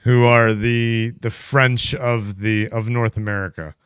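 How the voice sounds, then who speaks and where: A man's voice: mid-range voice, fairly even intonation, measured pace, a bit bright, clean tone, no room sound, studio quality. A man in his thirties hosting a casual podcast, reading chat messages aloud and telling rambling stories. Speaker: podcast host. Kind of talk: casual live-stream chat.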